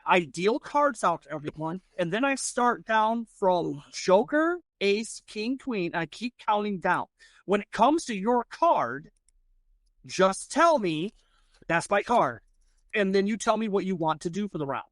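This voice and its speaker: A man's voice: high-pitched, big pitch swings, a bit bright, no room sound. A man running a tabletop game as game master, with many stammered restarts. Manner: stammering restarts, quick laughs.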